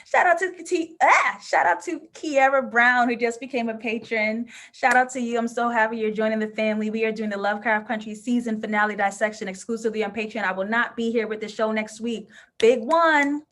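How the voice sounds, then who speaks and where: Her voice a little high and a bit bright, this woman speaks briskly with fairly even intonation. As host of a live TV review show, she reads viewer comments and reacts with passion and emotion, suddenly bursting into laughter.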